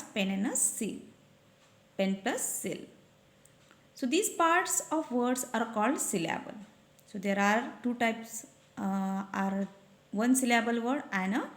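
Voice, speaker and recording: A woman teacher works through a textbook page, slow and patient, spelling out letters one by one. Her voice sits a little high and rings in an echoey room. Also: fairly bright tone.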